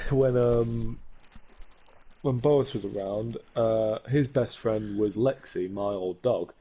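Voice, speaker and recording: A young man, co-hosting a casual podcast chat in a relaxed, hesitant way with many pauses. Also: fairly low pitch, husky, rough recording. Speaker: podcast co-host.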